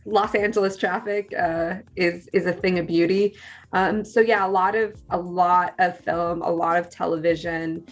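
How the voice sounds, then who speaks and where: A woman's voice: on the low side, fairly even intonation, normal speed, soft background music. A woman from California with a Californian accent, chatting casually as a guest teacher, with many fillers and restarts. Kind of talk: casual conversation.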